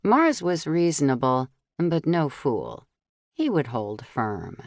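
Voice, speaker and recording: Low-voiced woman narrating a story. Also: takes it slowly, no echo, studio quality. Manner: steady, clear storytelling with voiced dialogue. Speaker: audiobook narrator. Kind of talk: first-person audiobook narration.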